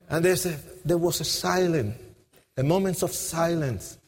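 A man giving an emotional testimony sermon, impassioned, swinging between hushed and shouted lines, with nonstandard grammar. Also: a little high, unhurried, husky. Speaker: preacher giving his testimony. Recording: long hall reverb.

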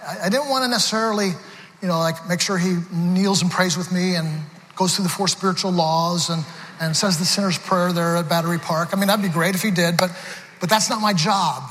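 A man's voice: high-pitched, fairly bright tone. A man preaching a sermon, telling stories with laughter and frequent restarts. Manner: storytelling with laughs, many restarts. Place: large church hall. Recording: reverberant hall with crowd noise.

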